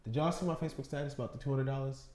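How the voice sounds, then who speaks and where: A man's voice: mid-range voice, racing, darkish tone. A man in his twenties co-hosting a casual podcast, telling stories with swearing and mimicked voices. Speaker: podcast co-host. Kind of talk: casual chat. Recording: echoey room.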